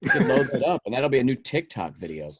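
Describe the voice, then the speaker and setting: A man's voice: medium pitch, fast, slightly rough, muffled recording. A man hosting a podcast interview, chatting casually and telling stories with frequent laughter. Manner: animated storyteller, laughs often. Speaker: podcast host.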